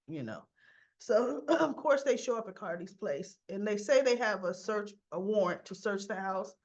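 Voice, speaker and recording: A woman's voice: medium pitch, highs cut off. Chatty woman recapping soap episodes. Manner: chatty, acts out characters' lines in quotes. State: coughing and clearing throat. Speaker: soap opera recap vlogger.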